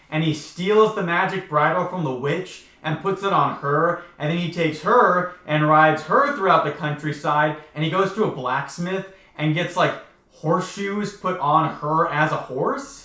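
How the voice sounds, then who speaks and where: A man's voice: fairly high pitch, bright, forceful tone. A young man in his twenties giving casual, chatty book commentary, full of "like" and wry asides. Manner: chatty, heavy use of 'like', wry. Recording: echoey room.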